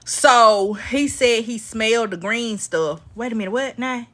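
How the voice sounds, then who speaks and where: A woman hosting a casual live-stream recap, chatty and animated as she talks to her viewers. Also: a little high, unhurried.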